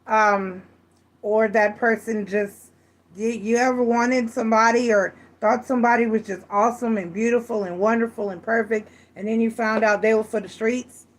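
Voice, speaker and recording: A woman's voice: on the high side, steady tone, normal speed. A woman giving a casual, frank tarot reading, chatty and full of restarts. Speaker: tarot reader.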